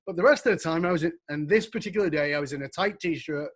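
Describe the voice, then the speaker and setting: Male interview guest, fifties, slightly higher pitch, animated anecdotal delivery. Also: fast talker. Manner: animated, laughing storyteller. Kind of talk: storytelling interview.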